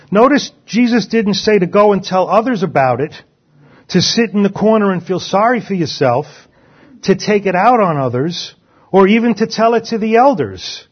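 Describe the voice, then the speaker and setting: Husky-voiced preacher man, lo-fi. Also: sits high. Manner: reads scripture aloud, lively emphasis. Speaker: pastor. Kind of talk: sermon. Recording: dull lo-fi sound.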